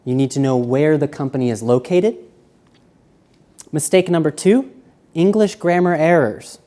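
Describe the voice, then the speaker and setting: A man giving a live seminar lecture, walking around and shifting between quiet, slow speech and loud emphasis. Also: fairly high pitch. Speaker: seminar presenter. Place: university seminar room.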